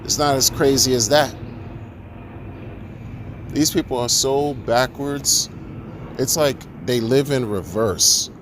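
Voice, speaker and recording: Slow and full of long pauses, a man with a mid-range voice delivers an exasperated, sarcastic crypto rant. He keeps throwing out rhetorical questions and starting sentences over, with noise in the background.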